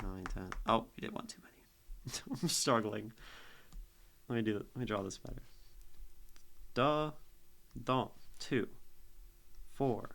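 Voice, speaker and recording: A young man on a live stream who critiques poetry and muses aloud, often pausing and restarting his sentences. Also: fairly low pitch, vocal fry, a bit bright. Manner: musing, thinks aloud with restarts.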